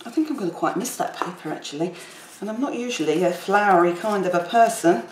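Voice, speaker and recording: Talking at a quick pace in a mid-range voice, a papercraft tutor rambles casually as she works through a project. This relaxed crafting tutorial was recorded in an echoey room with faint background noise.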